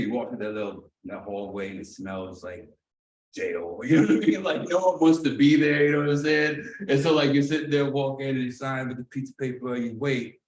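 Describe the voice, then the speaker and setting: A man telling a personal story during a training talk, casual and animated, often acting out the lines of the people in it. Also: on the low side. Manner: animated, acts out dialogue, often asks "you know what I'm saying". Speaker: executive director leading a training. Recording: roomy echo, mic at a distance, faint noise.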